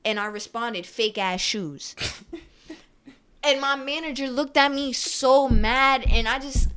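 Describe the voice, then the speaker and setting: A woman's voice: sits high, a little slow, a bit bright. A young woman from New York, a podcast guest, rambling in casual slangy chat and cussing freely.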